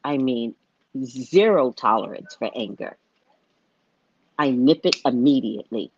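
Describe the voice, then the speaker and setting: An older woman hosts a casual live talk, her low voice swinging widely as she tells stories and plays out the people in them. The sound is dry and a little dull. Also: a little slow, breathy edge, no echo. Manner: animated storytelling, acting out quoted voices. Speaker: psychic reader and live show host.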